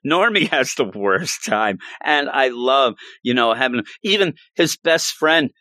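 A man's voice: medium pitch, expressive, unhurried, pushed and bright, dry recording. A middle-aged man chatting casually as a comic book podcast co-host, often acting out characters' lines in a raised voice. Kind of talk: casual comic review chat.

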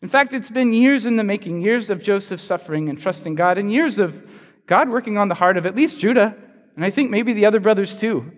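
A man's voice: high-pitched, brisk, in a large hall. A man preaching a conversational sermon as pastor, asking the listeners rhetorical questions.

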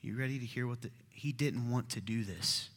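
A man's voice: mid-range voice, moderate pace. Conversational male preacher in a reverberant hall. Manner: conversational and animated, drops to hushed tones. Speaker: pastor. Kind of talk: sermon.

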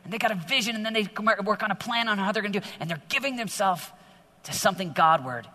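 A middle-aged man preaching to teenagers in a large hall, energetic and exhorting, often growing animated. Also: sits high, quick pace. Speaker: youth speaker. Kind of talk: sermon to teenagers. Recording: long hall reverb.

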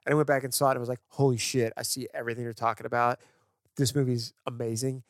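A man co-hosting a podcast, chatting about movies with enthusiastic, animated storytelling. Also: medium pitch, fast, no room sound, studio quality. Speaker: podcast co-host. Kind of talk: casual film discussion.

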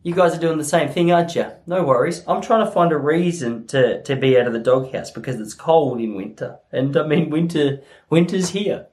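A young Australian podcast host tells his listeners a funny story as a comedic monologue, swearing freely along the way. His voice is a little high with a darkish tone, at a moderate pace.

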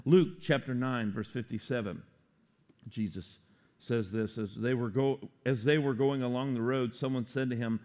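A man preaching a sermon, animated and playful, acting out quotes for humor. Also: medium pitch, moderate pace. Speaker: pastor.

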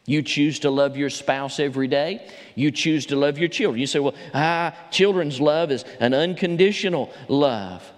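A man pastoring his congregation. His slightly high voice tells a story and then drives home emphatic points. Long reverb from the church sanctuary trails every phrase. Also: moderate pace. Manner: storytelling, building to emphatic preaching. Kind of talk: sermon.

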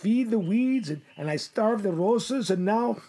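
Brief: fretful man, a gardener sketch, slow, husky and lively, a higher voice. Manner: fretful, muttering to himself, fond with his plants. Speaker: comedic performer as a gardener. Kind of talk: comedy sketch monologue.

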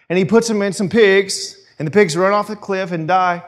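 A man's voice: sits high, moderate pace. A man preaching a sermon in a casual, storytelling way. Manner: conversational storytelling, animated. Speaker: pastor.

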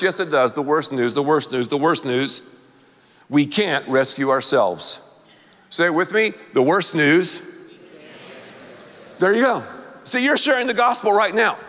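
A man preaching with lively, animated delivery and a somewhat high voice. He draws the congregation into call-and-response. His words ring out with a long hall reverb behind them. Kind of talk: sermon.

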